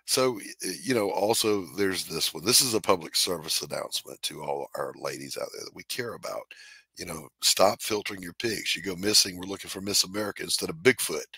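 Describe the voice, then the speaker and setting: A man's voice: deep voice, a little fast, gravelly, pushed and bright, breathy edge, dry recording. A middle-aged man hosting a podcast, cracking jokes in casual comedic chat and laughing at his own lines. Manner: wisecracking, laughs and coughs through jokes. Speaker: podcast host.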